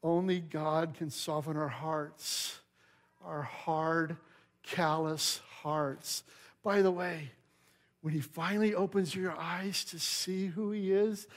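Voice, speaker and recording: A male pastor preaching a sermon in a church, telling the story in a lively way and putting questions to the congregation. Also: sits high. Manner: animated storyteller, acts out quotes, asks the congregation questions.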